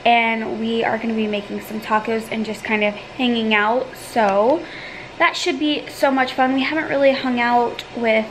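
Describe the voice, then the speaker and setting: A young woman chats to her handheld camera at home, her voice a little higher than most. She rambles easily through a family vlog with plenty of likes and fillers, and a faint hum of the room sits underneath her. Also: steady tone, moderate pace, rough recording. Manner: chatty, filler-heavy, drops to a hushed murmur at times. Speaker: vlogger. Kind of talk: casual family vlog chat. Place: home, indoors.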